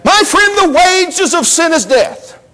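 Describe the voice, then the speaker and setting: A man's voice: extremely high pitch, lively intonation, slow pace, bright, forceful tone, low-quality recording. A man preaching a sermon in a church service, emphatic and repetitive, building to exclamations.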